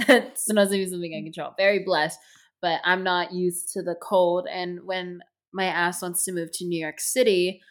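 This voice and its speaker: A woman's voice: on the low side, steady tone, a little slow. A young woman from Southern California, co-hosting a podcast in casual chat, sounding congested and stuffy, breezy and swearing freely. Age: young adult. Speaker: podcast co-host.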